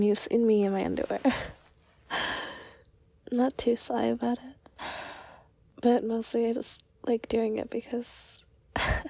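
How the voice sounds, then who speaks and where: Breathy whispering woman, slow and flirty. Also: fairly high pitch. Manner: flirtatious and giggly, soft and hesitant. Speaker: audio role-play performer. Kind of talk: whispered role-play.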